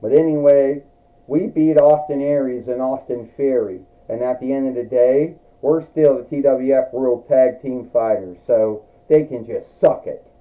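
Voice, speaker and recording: Brief: a man playing a defiant female superhero wrestler, rambling, slow, dull recording. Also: medium pitch, mellow, natural voice.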